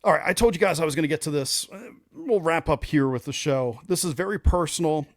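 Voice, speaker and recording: A man's voice: fairly high pitch, a little fast, no room sound, studio quality. A man hosting a show, giving casual opinion commentary in an emphatic, conversational way with loose fillers. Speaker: show host.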